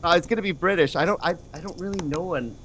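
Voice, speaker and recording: A man in casual chat who laughs often and talks in an animated way. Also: on the high side, fast, slight background noise.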